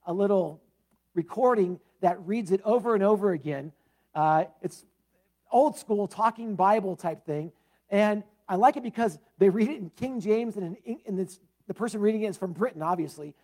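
A man's voice: sits high, a little mellow. A man, the pastor, giving a conversational sermon with prayer and a scripture reading, talking with fillers and casual asides.

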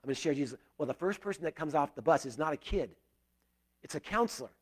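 A middle-aged man delivers a sermon in an earnest, conversational way. His voice sits a little high, and he swings from loud, excited bursts down to soft, prayerful murmurs. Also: brisk. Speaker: pastor.

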